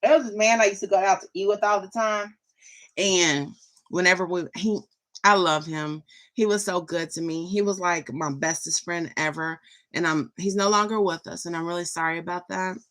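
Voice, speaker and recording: A middle-aged woman talks to her viewers in a casual vlog. Her voice sits low, and she rambles in a chatty, enthusiastic way. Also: steady tone, moderate pace, a bit bright. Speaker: vlogger. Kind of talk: casual chat.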